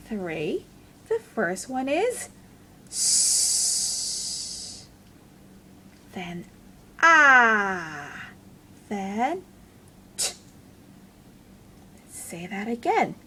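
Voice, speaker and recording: A woman's voice: on the high side, bright, forceful tone, slight background noise. A woman teaching young children phonics in a sing-song way, sounding out letters one at a time and encouraging them. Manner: talks to a puppet helper.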